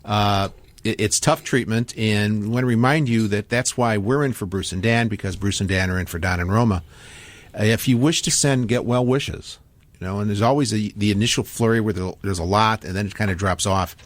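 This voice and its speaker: Male talk radio host, low voice, dry studio sound, loose chatty delivery. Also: a little fast, no echo. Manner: conversational, hesitant restarts. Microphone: studio microphone.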